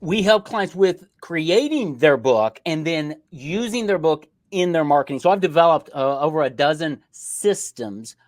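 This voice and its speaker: A middle-aged man, a podcast guest, telling his story in a lively way and acting out bits of dialogue. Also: on the high side, measured pace, few pauses, no echo. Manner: lively storyteller who acts out dialogue in changed voices. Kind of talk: casual interview storytelling.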